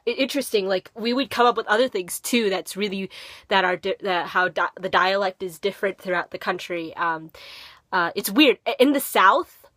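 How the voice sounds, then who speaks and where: A teenage girl with only a faint trace of a Minnesotan accent, rambling through a casual vlog with lots of ums and restarts. Her voice is bright and ringing, and the sound is close and dry with no room around it. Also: mid-range voice, no room sound. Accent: slight Minnesotan. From Minnesota, USA. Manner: rambling, filler-heavy, chatty. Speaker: vlogger. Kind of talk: casual talking-to-camera vlog.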